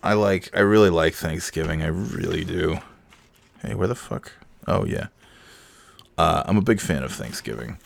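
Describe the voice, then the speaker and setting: Low gravelly sick man rambling. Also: expressive, moderate pace, pauses often, no echo. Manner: rambling, self-mocking, chuckling. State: sick, holding back coughing fits; half awake. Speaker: podcast host. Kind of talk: casual solo podcast monologue. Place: home with kids heard in the background.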